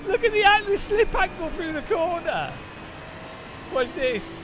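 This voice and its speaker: A man hosting a sim racing video, giving excitable, incredulous gameplay commentary with bursts of laughter. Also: extremely high pitch, measured pace, very noisy. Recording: background music under voice.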